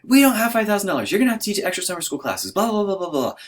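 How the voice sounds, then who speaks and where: A man voicing an exasperated wife who scolds loudly in a shrill, raised voice. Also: big pitch swings, very fast. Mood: scolding, yelling. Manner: shrill, yelling, dismissive.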